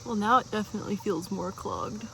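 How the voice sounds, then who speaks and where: Young woman, casual travel vlog, upbeat chatter, phone camera, steady background hiss. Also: medium pitch, a little fast, gravelly. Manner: chatty, upbeat, says y'all a lot. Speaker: van-life vlogger. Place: in and around a minivan on a road trip.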